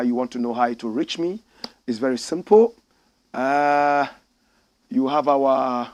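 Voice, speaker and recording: A middle-aged man with a Ghanaian English accent, hosting a political commentary show with fiery, preaching delivery that climbs to shouts. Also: mid-range voice, no echo.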